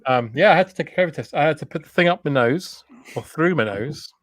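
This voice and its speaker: A man's voice: a little high, expressive, dry recording. Jokey British man, dry close sound. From Britain. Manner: jokey, teasing, quick banter. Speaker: podcast co-host. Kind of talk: casual chat over a video call.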